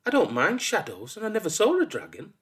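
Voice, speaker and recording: Storybook lead: man voicing a cheerful, silly young lad, bright and bouncy. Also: high-pitched, sing-song, measured pace, pitched above the performer's own voice, exaggerated voice. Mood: eager. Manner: eager, chirpy.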